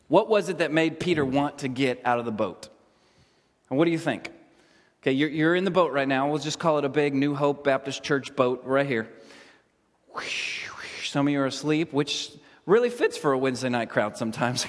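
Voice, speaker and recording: Guy teaching a bible study, kinda high voice, jokey, asks the room questions, echoey church hall. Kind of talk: interactive Bible lesson.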